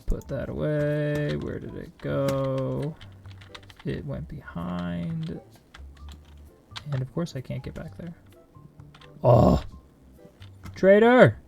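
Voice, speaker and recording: A man's voice: a little high, level tone, slow pace, creaky, long pauses, warm tone. A man streaming a shop simulator game live, talking to himself with frantic exclamations and silly mild curses over faint music and keyboard clicks. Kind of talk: casual live gameplay commentary.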